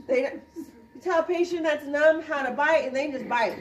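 A woman, a dental instructor, demonstrating a procedure to a class and quizzing students with quick questions. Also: high voice, recorded from a distance. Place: clinic classroom. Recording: roomy sound from off-mic.

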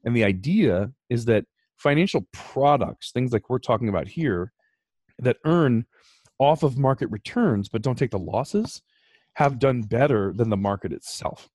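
A man's voice: mid-range voice, unhurried, slightly rough, no room sound, studio quality. A man hosting a podcast, explaining finance numbers in a casual, emphatic way. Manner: animated, emphatic, talks through numbers. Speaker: podcast host.

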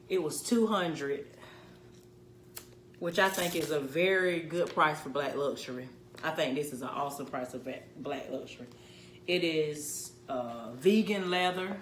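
A woman vlogger talking through an unboxing video in a casual, gushing, excitable way. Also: low voice, reverberant, a little hiss or hum.

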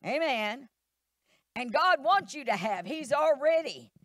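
A woman's voice: on the high side, animated, normal speed, no room sound, clean studio sound. A middle-aged woman pastor, preaching a sermon in a church, emphatic and repetitive, acting out quoted voices.

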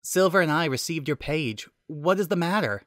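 A man doing a brisk commanding agent. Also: fairly high pitch, animated, a bit bright, no echo, studio quality, voice pushed up. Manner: brisk, giving orders.

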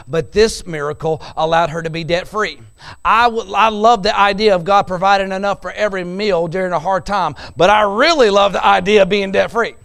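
A pastor delivering a sermon, moving from quiet storytelling to loud, emphatic preaching. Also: male voice, high-pitched, vocal fry.

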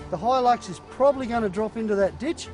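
High-voiced man explaining outdoors. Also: fast talker, darkish tone, recorded from a distance, faint music behind. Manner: practical, upbeat, explaining the plan as he works. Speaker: off-road show host. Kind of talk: on-location recovery commentary. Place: outdoors on a muddy mountain track.

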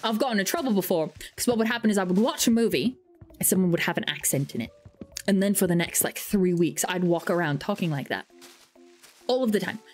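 A woman's voice: medium pitch, fast talker, faint music behind. A young woman streaming a game, chatting casually and rambling through stories with lots of fillers. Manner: rambling, self-deprecating storytelling with frequent fillers. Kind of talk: casual gaming stream chat.

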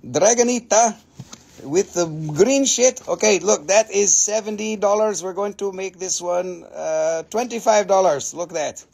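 An Appalachian man runs a live mineral sale, excitable and full of jokes, swearing freely as he goes. His voice sits fairly high with a gravelly edge. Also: moderate pace, hardly any pauses. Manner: excitable, jokey, swears casually.

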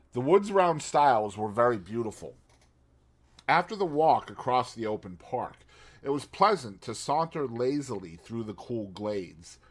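A man's voice: mid-range voice, sing-song, measured pace. A man reading an audiobook as narrator, telling the story expressively. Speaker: audiobook reader.

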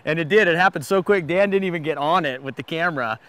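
A man hosting an outdoor hunting show, talking in an excited, enthusiastic way outdoors. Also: fairly high pitch, fast talker, dry recording. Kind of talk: casual outdoor chat. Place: outdoors on a hunt.

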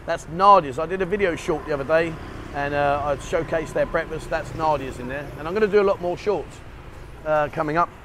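A man's voice: a little high, fairly quick, sharp tone. A man chatting enthusiastically as he walks the streets, vlogging with a handheld camera. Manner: chatty, enthusiastic, rambling with fillers. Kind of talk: casual walking vlog. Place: outdoors on city streets. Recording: street noise, traffic behind.

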